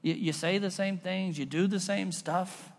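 A man's voice: high-pitched, fairly even intonation, measured pace, creaky. Man preaching in an echoing hall. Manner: casual, conversational preaching with storytelling. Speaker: pastor. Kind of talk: sermon. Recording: long reverb of a large hall.

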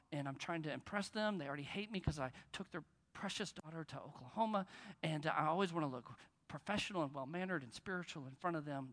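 A male pastor preaches in a sanctuary with a long reverb tail. His delivery is chatty and playful, and it jumps into loud, emphatic bursts on key points. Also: a little high. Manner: conversational, joking, with bursts of emphasis. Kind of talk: sermon. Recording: long reverb of a large hall.

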